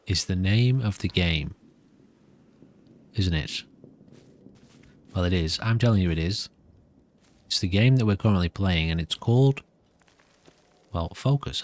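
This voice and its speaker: A man's voice: low voice, expressive, measured pace, long pauses. A nervous man giving rambling, self-amused commentary while playing a video game. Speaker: gameplay commentator.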